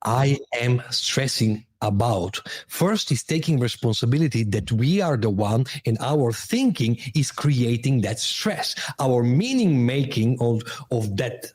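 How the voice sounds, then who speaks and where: Husky-voiced man coaching with emphasis. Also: mid-range voice, very animated, a little slow, few pauses, a little mellow. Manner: emphatic, explains with metaphors, non-native phrasing. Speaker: guest, transformation coach. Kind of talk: podcast interview.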